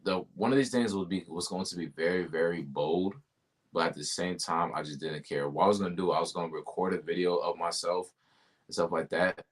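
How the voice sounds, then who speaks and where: A man's voice: sits low, fairly even intonation, a little fast, slightly rough. A man being interviewed about his sales job, talking casually and animatedly, full of slang like "yo" and "bro". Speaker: guest, tech sales rep.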